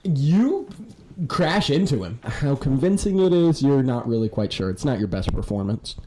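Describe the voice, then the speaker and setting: A man running a tabletop game as game master, narrating in a casual, animated way. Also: medium pitch, normal speed, slight background noise. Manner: casual, animated, laughing storyteller.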